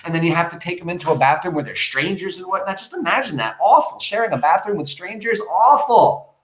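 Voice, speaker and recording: A male teacher reading a play aloud and breaking off into animated, emphatic explanations for his class. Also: high voice, fast talker, reverberant. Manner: animated, emphatic asides to students.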